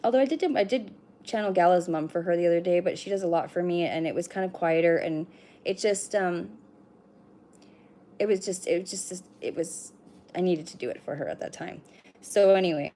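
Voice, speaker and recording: Woman, middle-aged, casual livestream card reader, chatty, swears casually, low-ish voice. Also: brisk, dark tone. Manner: chatty, swears casually, talks straight to viewers.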